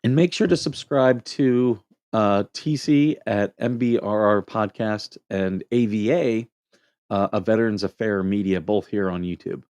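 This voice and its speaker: A man's voice: on the low side, unhurried, a little mellow, smooth, no room sound, clean studio sound. A middle-aged man, a Marine veteran, hosting a casual livestream, reading comments and telling joking stories. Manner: joking storyteller, laughs at own anecdotes.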